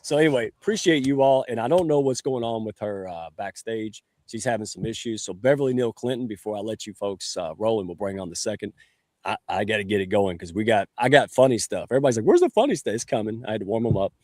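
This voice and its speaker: A man's voice: fairly low pitch, fast talker, a little mellow, no room sound. Man, livestream host on a video call, folksy jokester, close and dry sound. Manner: folksy and joking, calls himself a redneck. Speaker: show host. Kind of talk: casual livestream hosting.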